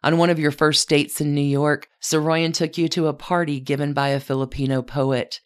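A woman narrating a scripted story in a measured way, speaking directly to her subject as "you". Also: deep voice, level tone, clean tone. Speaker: podcast narrator.

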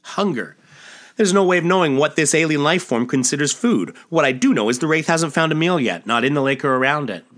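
A man's voice: on the high side, expressive, brisk, fairly bright tone, pitched above the performer's own voice. A man voicing an earnest young superhero who speaks in dramatic declarations.

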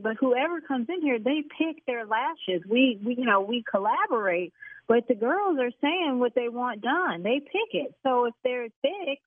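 A woman who owns a lash salon argues on a phone call, exasperated, loud and cursing. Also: on the high side, dry recording. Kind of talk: heated prank-call argument. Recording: tinny phone line.

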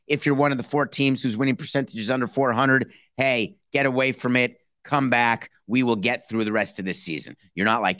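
Animated sports podcast host, dry close mic. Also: male voice, normal speed, dry recording. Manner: animated, rhetorical, acts out quoted phone calls in a lower voice. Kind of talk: casual solo sports commentary.

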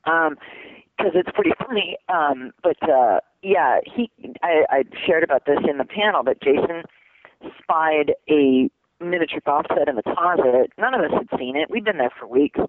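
A man, a voice actor being interviewed, chatting casually, excitable and laughing often, calling people "dude". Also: fairly high pitch, moderate pace, background noise. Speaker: voice actor guest. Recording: tinny phone line.

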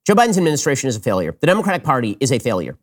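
A man hosting a political commentary show, talking in a sarcastic, mocking, rapid-fire way. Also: mid-range voice, sing-song. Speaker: host.

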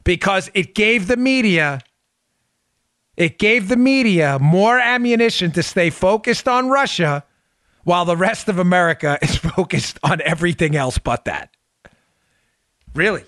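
A man's voice: sits high, animated, a little slow, fairly bright tone, dry recording, studio quality. A man hosting a podcast, giving emphatic, sarcastic political commentary and repeating phrases for effect. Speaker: podcast host.

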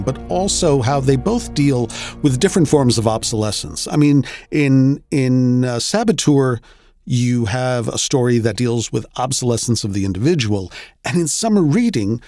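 A man's voice: mid-range voice, expressive, moderate pace, dark tone, soft background music. A man hosting a podcast, discussing stories in a thoughtful, casual way and searching for words. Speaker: podcast host.

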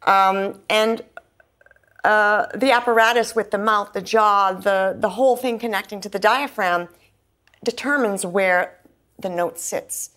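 A woman's voice: medium pitch, measured pace, a bit bright. A middle-aged singer-songwriter being interviewed, talking earnestly and at length, with many fillers and restarts as she explains. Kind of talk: candid conversational interview.

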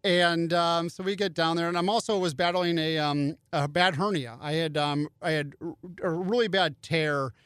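A man's voice: a little high, moderate pace, few pauses, a bit bright, clear, resonant tone, no room sound. A middle-aged man telling a story in a casual chat, and he acts out other people's lines in raised voices. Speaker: podcast guest.

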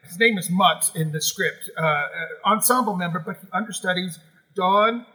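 A man with a notably high voice tells stories from his theatre career as a guest in a relaxed interview. His tone is bright and ringing, and he speaks animatedly, with feeling, often stumbling and restarting mid-sentence. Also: normal speed, breathy edge, low-quality recording. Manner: animated, emotional storyteller with many restarts. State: moved to tears at times. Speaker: musical theatre performer, guest. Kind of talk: casual interview storytelling.

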